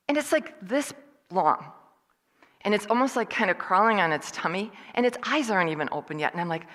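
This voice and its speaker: An older woman telling personal stories as a motivational speaker, animated and acting out the voices of the people she quotes. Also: mid-range voice, normal speed. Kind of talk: storytelling talk. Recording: long hall reverb.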